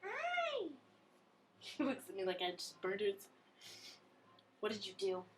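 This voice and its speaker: A woman's voice: mid-range voice, fairly even intonation, moderate pace, a little hiss or hum. A young woman chatting with a friend on a vlog, giggly and playfully teasing. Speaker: co-host friend. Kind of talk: casual chat.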